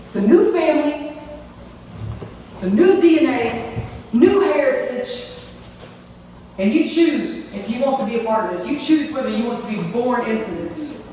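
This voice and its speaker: A woman's voice: a little high, expressive, normal speed, long pauses, mellow, slight background noise. A woman preaching a sermon, earnest and talking with many restarts and asides, with grandchildren. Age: older. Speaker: youth ministry speaker. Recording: echoey hall from far off.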